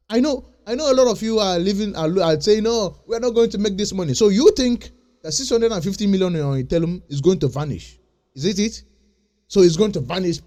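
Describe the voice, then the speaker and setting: A man's voice: on the high side, warm tone. A man hosting his own channel, lecturing his viewers in an insistent, repetitive way in a casual vlog. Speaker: crypto channel host. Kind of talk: casual vlog talk to camera.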